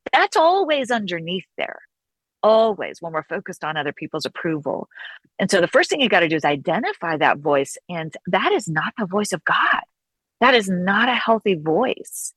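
A woman speaks as an interview guest in a fairly low voice, earnest and reflective. She draws out her key phrases slowly for emphasis. The sound is dry and close, with no room echo. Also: big pitch swings, fairly bright tone. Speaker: guest author and counselor. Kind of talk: conversational interview.

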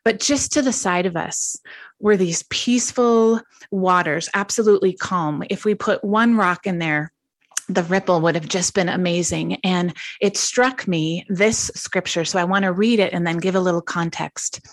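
A middle-aged woman pastor, a guest on a talk show, speaking gently and earnestly as she tells a reflective story. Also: lowish voice, normal speed, no room sound. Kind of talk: devotional talk show conversation.

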